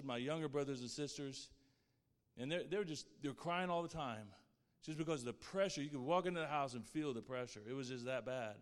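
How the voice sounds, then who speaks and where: A man's voice: fairly high pitch, clean tone, long reverb tail. A man sharing a personal faith testimony in an earnest, heartfelt way. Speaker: guest speaker sharing his testimony.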